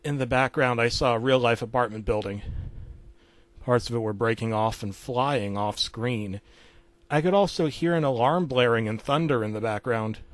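A man's voice: medium pitch, dry recording. A man narrating a creepypasta story in a casual storytelling manner. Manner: casual storytelling, dropping to a hush for gory parts.

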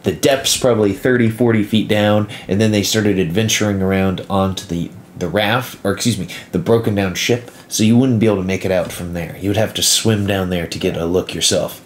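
A man narrating as game master of a tabletop game, relaxed and dotted with "uh" pauses. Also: on the low side, a little hiss or hum.

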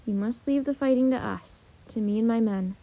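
A stern male army general in a storybook, read by a woman, formal and measured. The voice is breathy and rather high. The sound is muffled and lo-fi. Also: mellow. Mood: commanding. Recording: dull lo-fi audio.

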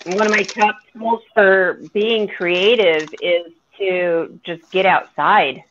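A woman's voice: mid-range voice, fairly even intonation, takes it slowly. Woman guest on a dull lo-fi line. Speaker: panel guest. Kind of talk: casual livestream chat.

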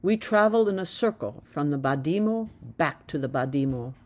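A proud old village elder, solemn and commanding, voiced by a woman in a storybook reading. He lays slow, emphatic weight on each point, tender toward the small boy and certain of his own authority. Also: low-pitched, expressive. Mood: earnest.

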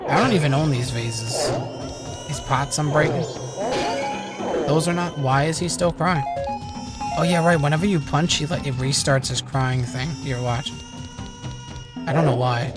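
A man's voice: a little high, fairly even intonation, a little slow, pauses often. A young man casually commenting on a video game as he plays, rambling and joking with lots of swearing. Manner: rambling, profane, jokey. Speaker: game streamer. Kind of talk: casual let's-play commentary. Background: game music.

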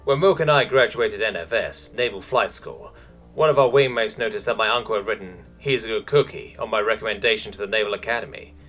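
A man voicing a wry young male pilot cadet who talks low and teasing. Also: brisk, fairly bright tone, faint music behind.

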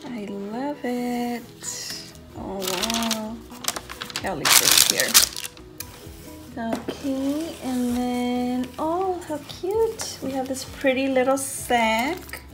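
A woman hosting a casual craft unboxing vlog, gushing with excitement over each item she opens. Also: a little high, extremely slow, over loud music, poor audio. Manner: gushing, excited, says "so cute" often. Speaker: craft channel host.

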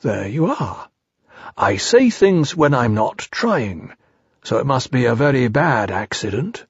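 A simple, gentle teddy bear muses aloud in slow, mild words, voiced by a man reading a storybook. The tone is husky and a touch unlike the reader's own. It is a dry, dull recording. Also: mid-range voice, sing-song, no room sound, exaggerated voice. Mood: musing.

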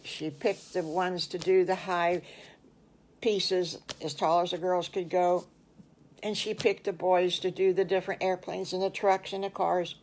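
Older woman, grandmotherly storyteller, very slow, lowish voice, folksy, bedtime-story telling. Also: darkish tone. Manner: folksy, exclaiming "oh my goodness gracious". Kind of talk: improvised children's story narration.

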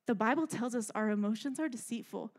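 A young adult woman giving a youth sermon in an animated, chatty way, often checking in with "right?". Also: a little high, a little fast. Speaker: youth speaker.

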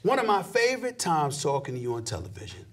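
A middle-aged man in an animated interview, emphatic and preachy, dropping low then shooting up into high exclamations. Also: fast talker, noisy background. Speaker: sports commentator guest.

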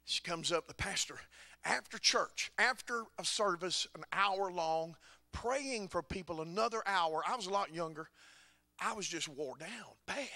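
A preacher with a high, gravelly voice tells his story from the pulpit in a folksy, dryly funny way. His tone is bright and edged, and the close mic keeps it dry, with no room echo. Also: expressive, moderate pace. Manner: folksy, dry humor building to shouting. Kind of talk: storytelling sermon.

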